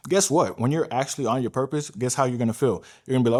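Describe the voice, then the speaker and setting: A man's voice: mid-range voice, fast, a little mellow. A man giving blunt, profane dating advice to the camera, often tagging his points with "all right?" and "right?". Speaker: dating coach.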